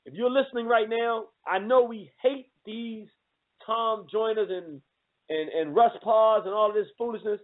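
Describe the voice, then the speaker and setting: A man's voice: high voice, measured pace. A man hosting a radio show, giving an impassioned political talk that often repeats words as he presses his point. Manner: fervent, repeats words when worked up. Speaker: radio host. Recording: tinny phone-like audio.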